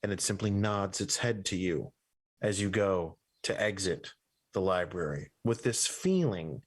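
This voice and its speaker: A man's voice: low-pitched, expressive, measured pace. A man narrating a tabletop game as game master, rambling and correcting himself with frequent fillers.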